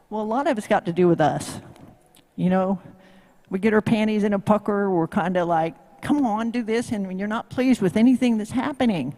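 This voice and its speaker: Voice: medium pitch, darkish tone. A horsemanship instructor with a Tennessee accent gives a live demo talk. The delivery is folksy and joking, full of questions thrown out to the crowd. The voice rings with the long reverb of a large venue.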